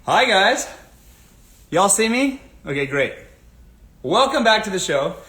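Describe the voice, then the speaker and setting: Emphatic high-voiced male host. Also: big pitch swings, slow pace, pushed and bright. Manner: emphatic, repeats catchphrases. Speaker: show host. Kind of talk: casual advice livestream. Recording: roomy echo.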